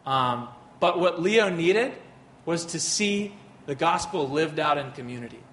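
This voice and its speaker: A man with a slightly high voice leads a faith teaching talk, telling a personal story. He speaks earnestly and loosely, full of fillers and restarts. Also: animated, unhurried, a bit bright, slight background noise.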